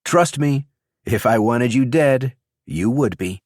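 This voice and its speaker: A man voicing a calm, confident young male warrior who speaks firmly and levelly. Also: medium pitch, slow pace, dry recording, clean studio sound, pitched above the performer's own voice.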